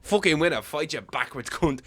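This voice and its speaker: A man voicing a brash, swaggering male fighter who shouts crude insults. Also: a little high, lively intonation, moderate pace. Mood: mocking.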